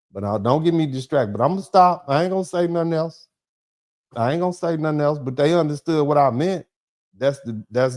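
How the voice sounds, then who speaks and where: A middle-aged man hosts a commentary show, speaking casually but bluntly and heatedly, with plenty of rhetorical questions. His voice is mid-range and a little mellow.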